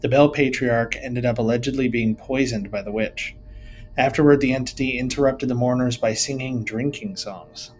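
A man with a mid-pitched voice reads story notes aloud in a relaxed podcast conversation. He keeps a steady reading pace and adds short asides. Soft music plays faintly behind him. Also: poor audio. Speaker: podcast co-host.

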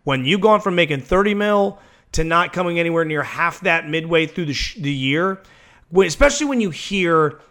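A man co-hosting a podcast in casual chat, brash and profane, firing off opinions quickly. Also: fairly high pitch, lively intonation, a bit bright. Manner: brash, profane, rapid-fire. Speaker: podcast co-host.

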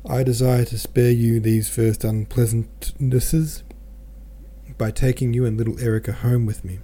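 A man voicing an aging, worried merchant father who speaks to his daughter gravely and gently. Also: medium pitch, flat delivery, unhurried, close to an everyday voice. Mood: grave, gentle.

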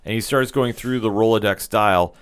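A man co-hosting a podcast, explaining a TV episode in a measured, casual way. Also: lowish voice, smooth. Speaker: podcast co-host. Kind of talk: casual TV recap discussion.

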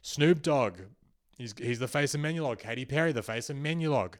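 Young male comic host, riffing satirical monologue, mid-pitched voice, loose rambling delivery with loud jumps. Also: fairly quick. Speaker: comedy podcast host.

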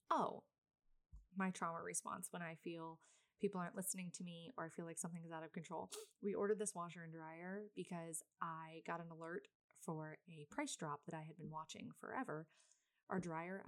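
A woman in her thirties, a mother, telling a personal story in a chatty, rambling way with lots of fillers. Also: fairly low pitch. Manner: self-described very loud person. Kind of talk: casual vlog storytelling.

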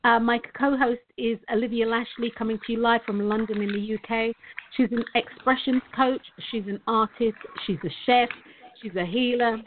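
Chatty high-voiced woman over a tinny line. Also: steady tone, normal speed, slight background noise. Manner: chatty, rambling, laughs often. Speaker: show host and coach. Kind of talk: live online talk show.

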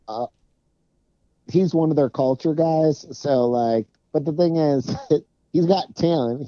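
A man's voice: mid-range voice, warm tone, no echo, dull audio. A man co-hosting a casual sports podcast, sarcastic and profane, talking in loose run-on sentences. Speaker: podcast co-host.

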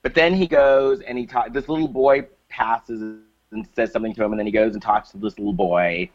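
A man's voice: medium pitch, steady tone, fairly quick, lo-fi sound. A man co-hosting a casual podcast, recapping a movie plot with lots of fillers and restarts. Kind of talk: casual chat.

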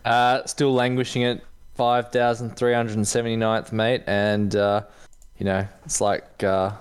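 A man's voice: lowish voice, level tone, measured pace, smooth. A man co-hosting a podcast, talking in a dry, wry way. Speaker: co-host. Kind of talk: casual podcast chat.

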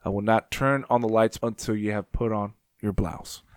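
A man reading aloud as a nervous, formal older doctor, in a measured voice. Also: fairly low pitch, steady tone, clear, resonant tone, no echo, studio quality, pitched below the performer's own voice, natural voice. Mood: formal, reassuring.

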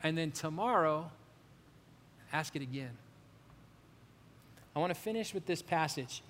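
Male pastor, high-pitched, preaching in a reverberant hall; animated, dropping to soft prayerful tones. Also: unhurried, a little hiss or hum. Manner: animated, swings from loud to hushed. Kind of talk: sermon.

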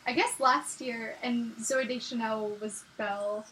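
High, bright woman telling an excited story. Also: a little slow, a little hiss or hum, low-quality recording. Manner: bubbly, gushing, laughs often. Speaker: podcast co-host. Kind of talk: casual chat.

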